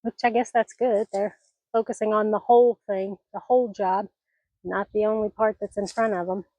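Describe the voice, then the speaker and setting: A retired homestead vlogger in her sixties rambles folksily into a phone camera outdoors on her mountain porch and garden, her voice slightly scratchy from allergies. It's medium-pitched and a little mellow with fairly even intonation at a moderate pace, and the sound is dry and close with no echo.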